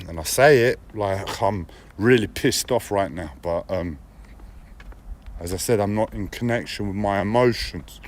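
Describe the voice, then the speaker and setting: A man's voice: lowish voice, measured pace. A man streaming live, talking in a blunt, profane personal monologue with repeated phrases and a whiny edge.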